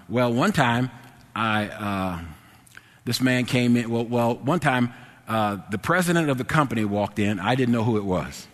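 A man telling a personal anecdote to an audience. He is animated, dropping to low mumbles and rising to loud, excited exclamations. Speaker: storyteller. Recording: long hall reverb.

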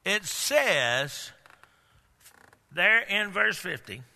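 Older preacher in a reverberant hall. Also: male voice, sing-song, extremely slow, creaky. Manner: preaching, swings from loud outbursts to low hushed lines. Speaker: pastor. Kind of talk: sermon. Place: large church hall.

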